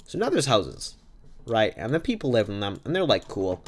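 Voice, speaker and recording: A man spinning an improvised comic tale, rambling and silly, tripping over himself and correcting as he goes. His pitch is average for a man. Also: sing-song, fairly quick. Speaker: podcast host.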